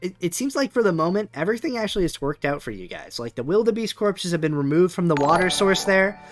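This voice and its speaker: A man's voice: high voice, very animated, fast talker, dry recording, soft background music. A man narrating a tabletop game as game master, rambling with many fillers. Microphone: webcam setup.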